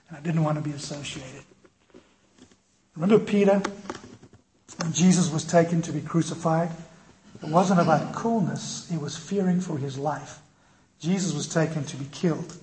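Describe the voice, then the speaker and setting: Impassioned preacher in an echoey room. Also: male voice, on the high side. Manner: impassioned storytelling, swings from loud to quiet. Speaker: pastor. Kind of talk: sermon. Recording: echoey room with faint noise.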